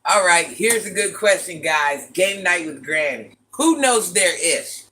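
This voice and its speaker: A woman with a deep, raspy voice hosting a casual livestream, chatting and teasing as she reads viewers' comments. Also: expressive, unhurried, bright, forceful tone, a little hiss or hum. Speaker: livestream host reading chat. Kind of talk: casual live chat with viewers.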